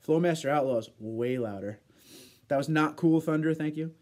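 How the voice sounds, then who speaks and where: A man hosts a relaxed livestream, reading viewer comments aloud and chatting back. His voice sits a bit high for a man. He talks loosely, laughs often and trips over his words now and then. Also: moderate pace. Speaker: livestream host.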